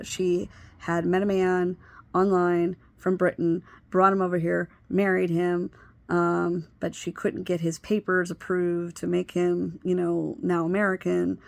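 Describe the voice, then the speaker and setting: A woman's voice: on the low side, creaky, dry recording. A woman telling a personal story in a casual, candid way, blunt and swearing freely. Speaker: vlogger recounting a personal story.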